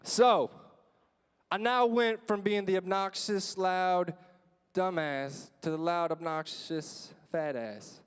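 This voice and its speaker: A young man giving a comedic motivational speech, telling stories in an animated way full of "like" and "you know" and acting out the scenes. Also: high voice, takes it slowly, clear, resonant tone. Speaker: motivational speaker. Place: large conference hall stage. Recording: long reverb of a large hall.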